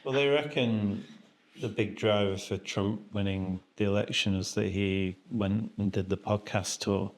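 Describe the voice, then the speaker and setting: A man hosting a podcast, talking in a relaxed, rambling way with many fillers. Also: on the low side, unhurried. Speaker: podcast host. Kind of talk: casual podcast chat.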